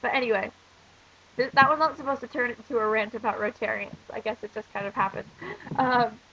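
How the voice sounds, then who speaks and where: A woman's voice: fairly high pitch, steady tone, a little fast, gravelly, sharp tone, slight background noise. A teenage girl vlogging as an exchange student while sick, with a stuffy nose and a cough, rambling with lots of fillers. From United States. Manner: rambling, ranting, many fillers. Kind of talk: casual vlog. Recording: dull lo-fi recording.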